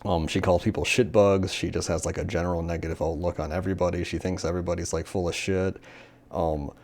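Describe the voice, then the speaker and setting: Low-voiced man rambling about a manga. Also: steady tone, quick pace, vocal fry, a little mellow. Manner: rambling, many fillers, acts out character lines. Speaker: manga reviewer. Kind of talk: casual solo discussion.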